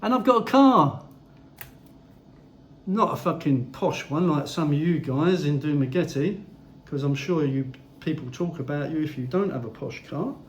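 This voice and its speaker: Guy with a high voice, blunt sweary rant to camera, laid-back vlog. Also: expressive, a little slow. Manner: blunt, profane, frequent swearing. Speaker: vlogger. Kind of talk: casual ranting to camera. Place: house in a Philippine city.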